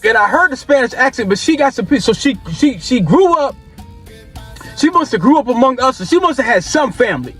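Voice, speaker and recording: A man's voice: very high voice, big pitch swings, a little fast, a bit bright, husky, faint music behind. A man telling a casual storytime, rambling, repeating and restarting his phrases, with slangy talk.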